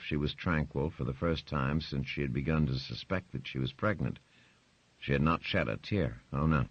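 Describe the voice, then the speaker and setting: A man reading an audiobook narration in an even, unhurried way, in a dry, slightly muffled recording. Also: a bass voice, no room sound. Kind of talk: scripted narration.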